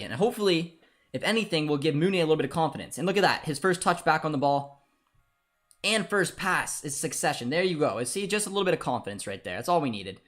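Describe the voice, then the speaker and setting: Excitable young man commenting a live match. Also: a little high. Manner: excitable, shouts and laughs at goals, groans at calls. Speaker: streamer hosting a football watchalong.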